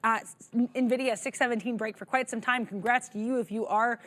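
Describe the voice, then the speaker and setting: A woman with a fairly high voice talks through the market live, upbeat and chatty. She co-hosts a trading show and keeps reading out viewer messages between her own calls. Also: fairly even intonation, fairly quick, fairly bright tone. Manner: chatty, upbeat, many fillers, reads viewer chat aloud.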